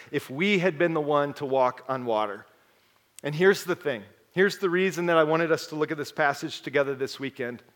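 Give me a young male pastor with a higher voice, telling a story in a sermon. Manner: animated storyteller, drops to soft earnest intensity.

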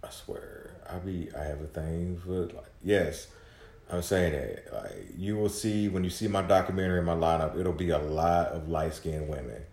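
A man's voice: low voice, normal speed, gravelly, darkish tone. A man rambling through a casual, profane solo podcast monologue, full of restarts and mumbled asides. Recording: echoey room with faint guitar music.

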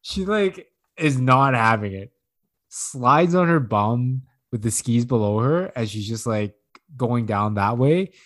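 A man chatting casually on a podcast, telling a long, rambling, profane story, laughing often and acting out quotes in a higher voice. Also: animated, takes it slowly, fairly bright tone.

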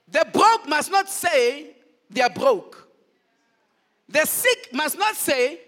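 A man's voice: extremely high pitch, very slow, pauses often. A male pastor preaching a sermon, firing call-and-response questions at the congregation. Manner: animated, shifts between loud declaring and quiet asides.

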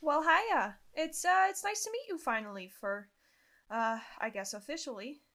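A woman's voice: high-pitched, normal speed, a bit bright, voice pushed up. A woman playing a chirpy young American witch. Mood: friendly.

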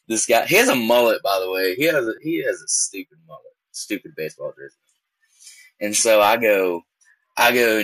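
A young man tells a rambling story in a casual way, acting out the back-and-forth as he talks. His voice sits low and sounds bright and forceful. It is recorded dry and close. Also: no echo. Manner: rambling, animated, acts out quoted exchanges. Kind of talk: casual anecdote.

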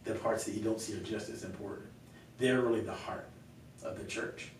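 A male pastor talking earnestly in a conversational Q&A, telling stories with gentle laughs. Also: fairly even intonation, a little fast. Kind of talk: conversational Q&A teaching. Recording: echoey room, mic far off, faint rumble.

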